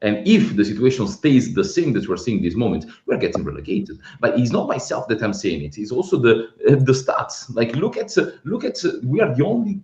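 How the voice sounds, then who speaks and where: A man co-hosting a football podcast over a video call, his voice lively and swinging in pitch as he makes his points. He sounds a bit dull and roomy, as if he were in an echoey space. He talks emphatically and often repeats himself. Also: fairly quick, few pauses. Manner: animated, emphatic, repeats words when stressed. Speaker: podcast co-host. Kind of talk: casual football podcast chat. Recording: roomy, slightly dull remote audio.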